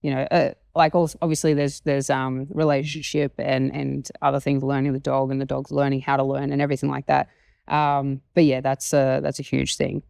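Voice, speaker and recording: A woman's voice: extremely low pitch, little pitch movement, a little fast, creaky, darkish tone, dry recording, clean studio sound. A woman dog trainer talking casually as a guest, chatty with lots of fillers. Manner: chatty, many fillers, acts out quotes. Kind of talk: casual conversation, anecdotes.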